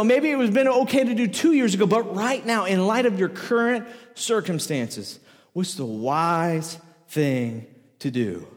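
High-voiced preacher in an echoey hall. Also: male voice. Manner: repetitive, emphatic preaching with rhetorical questions. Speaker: pastor. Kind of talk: sermon. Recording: echoey hall with long reverb.

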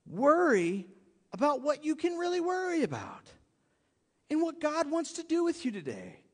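High-voiced preaching man, reverberant hall. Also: normal speed. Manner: animated, pleading and joking with the congregation. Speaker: pastor. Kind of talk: sermon.

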